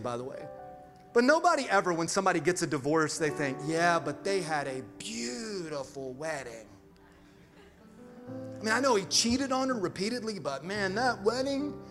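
A middle-aged male pastor preaching a sermon with call-and-response asides and sudden swings from quiet to loud. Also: sits high. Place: large church hall. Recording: reverberant church hall with music.

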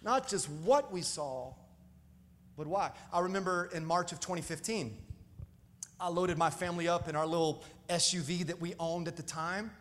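A male pastor telling stories in a sermon, animated and calling out to the congregation. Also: fairly high pitch, normal speed, big-room sound. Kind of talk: storytelling sermon.

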